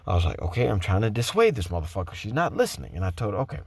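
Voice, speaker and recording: A man who works as a teacher, telling a story casually, with profanity and animated quoted voices. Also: lowish voice, rapid-fire, gravelly, breathy edge, no echo, clean studio sound.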